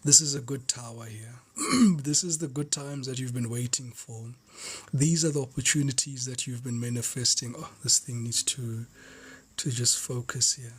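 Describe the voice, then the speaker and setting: A man's voice: medium pitch, moderate pace, breathy edge. Fervent man giving a tarot reading. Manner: fervent, repetitive, drops into hushed whispers. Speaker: tarot reader.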